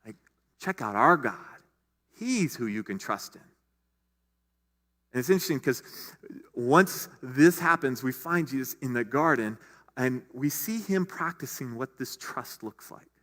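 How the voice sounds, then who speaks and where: Male pastor, middle-aged, mid-pitched, chatty sermon delivery, long church reverb. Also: expressive, a little slow, pushed and bright. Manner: conversational, with asides and restarts. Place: church sanctuary.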